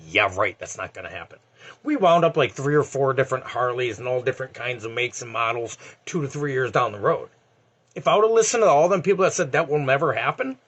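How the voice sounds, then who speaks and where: A man's voice: fairly high pitch, husky. A man in his forties giving a blunt, profane motivational talk in a vlog. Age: 40s. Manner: blunt and profane, animated, heavy swearing. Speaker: eBay reseller.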